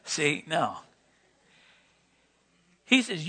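A man preaching a sermon, rising to loud, emphatic peaks and then dropping back to quiet teaching. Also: fairly high pitch, expressive, unhurried.

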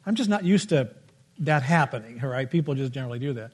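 A man's voice: medium pitch, animated, fast, breathy edge. A middle-aged man preaching a sermon with a playful storytelling manner, humming tunes along the way. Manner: storytelling, playful, hums melodies.

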